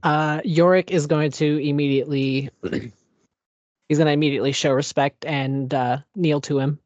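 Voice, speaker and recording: A man playing in a tabletop game, speaking hesitantly and slowly. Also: on the high side, steady tone, darkish tone, no echo. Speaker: player. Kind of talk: casual chat. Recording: dry, dull lo-fi.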